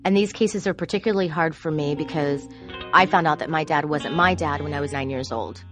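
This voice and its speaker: A woman who produces court shows tells candid, confessional stories about her job and grows animated when she quotes herself. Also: low voice, fairly quick, over music. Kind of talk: personal storytelling.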